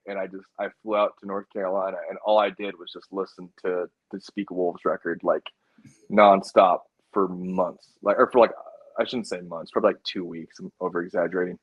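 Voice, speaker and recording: A male musician in a casual interview, telling a story in a rambling, animated way, full of fillers like "like" and "dude". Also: fairly low pitch, a little fast, lo-fi sound. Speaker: musician guest.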